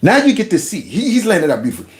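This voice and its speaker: A man hosting reaction commentary, talking in an indignant, animated way and often stumbling over repeated words. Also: sits high, racing. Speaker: commentary host.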